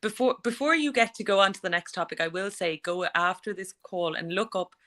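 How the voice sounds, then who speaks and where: A woman jokes with the host on a sports talk panel, teasing him with quick retorts. Her voice has a bright, sharp edge. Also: medium pitch. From Ireland. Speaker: panel guest.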